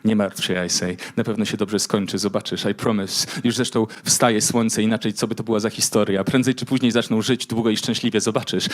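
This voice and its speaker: A man's voice: lowish voice, fairly even intonation, brisk, hardly any pauses. A middle-aged man performing spoken word poetry at a conference, introducing his poems in a hesitant, chatty way. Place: conference room before an audience.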